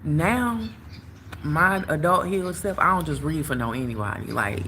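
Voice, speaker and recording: A young woman hosting a livestream, telling a story in a casual, animated way straight to her viewers. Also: low voice, moderate pace, a little hiss or hum. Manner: animated, talks straight to viewers, lots of "like" and "you know". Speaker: tarot reader and livestream host. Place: outdoors at work, phone livestream.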